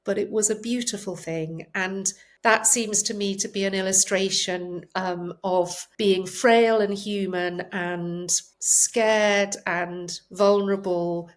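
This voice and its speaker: A woman's voice: mid-range voice, fairly even intonation, slow pace, few pauses. A woman, a palliative care doctor, speaking earnestly and from the heart as a guest at home. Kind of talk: emotional conversational interview. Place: home, on a sofa.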